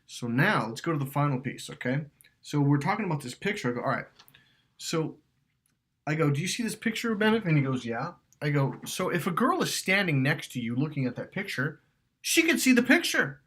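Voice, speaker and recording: A man coaching on dating in an animated, emphatic way. His voice sits a little high and swings widely in pitch. He swears freely and acts out quoted lines with force. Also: a little fast.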